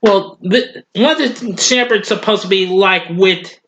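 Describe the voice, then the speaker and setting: A man casually recapping a cartoon as a reviewer, chuckling often and acting out lines in a high voice. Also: a little slow, lo-fi sound, noisy background.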